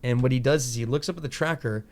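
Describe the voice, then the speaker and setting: Guy hosting a podcast, rambly and animated, lots of "like" and "you know", mid pitch. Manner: rambling, animated retelling of scenes with quick impressions; casual, profane, filler-heavy. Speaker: podcast host. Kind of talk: casual podcast chat.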